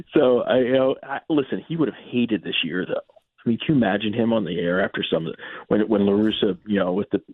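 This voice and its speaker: A man calling in as a guest on a sports radio show, animated and wry. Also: on the low side, normal speed, slightly rough, no room sound. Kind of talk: casual sports radio chat. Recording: phone line.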